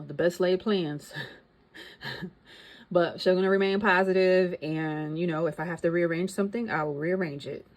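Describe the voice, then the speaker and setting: A middle-aged woman chatting casually as a vlogger, thinking aloud and reading out figures. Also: fairly low pitch. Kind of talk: casual chat.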